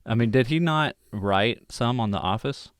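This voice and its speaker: A man's voice: medium pitch, animated, moderate pace, smooth, no echo, studio quality. A man co-hosting a film podcast, chatting in an easygoing way with short, agreeable replies. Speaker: podcast co-host. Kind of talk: casual film chat.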